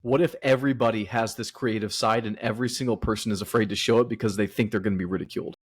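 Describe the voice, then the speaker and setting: A man's voice: fairly low pitch, fairly even intonation, very fast, husky. A man hosting a writers' podcast, asking thoughtful, reflective questions. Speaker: podcast host. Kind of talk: interview questions.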